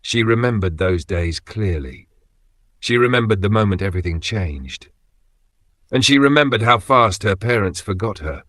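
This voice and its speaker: A man narrating a scripted dramatic story in short, measured phrases. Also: fairly low pitch, expressive, a bit bright, no echo, studio quality.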